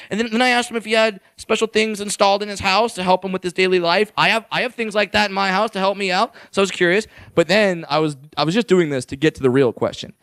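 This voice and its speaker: A man's voice: fairly bright tone, no echo. Brash, profane man doing stand-up. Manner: brash, profane, shifts into higher voices for quoted people. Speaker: stand-up comedian. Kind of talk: stand-up comedy set. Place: comedy stage before a live audience.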